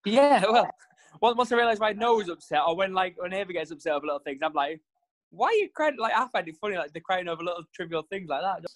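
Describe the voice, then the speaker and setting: A man in casual chat, telling family stories with lively quoted voices. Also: quick pace. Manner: animated storyteller, jumps pitch for quoted voices. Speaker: podcast co-host.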